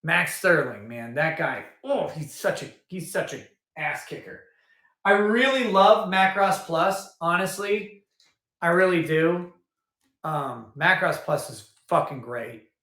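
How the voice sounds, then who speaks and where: A man talks casually on a livestream, rambling and thinking out loud with frequent restarts. His voice sits fairly high for a man and comes across bright and forceful. The room around him gives off a noticeable echo. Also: takes it slowly. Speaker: livestream host. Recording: roomy echo.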